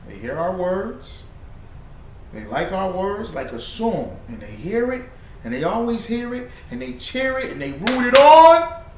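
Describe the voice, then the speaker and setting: A man teaching a religious brotherhood class in a slangy, conversational way, quizzing his students in call and response. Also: high-pitched. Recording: roomy room, distant mic.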